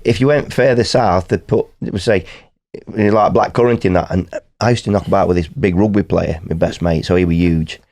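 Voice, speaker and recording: A man's voice: sits low, brisk, few pauses, a little mellow. A middle-aged man with an East Midlands accent, a guest musician telling stories in casual podcast chat and laughing often. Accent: East Midlands English. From England. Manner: storytelling, laughing, acting out voices in anecdotes.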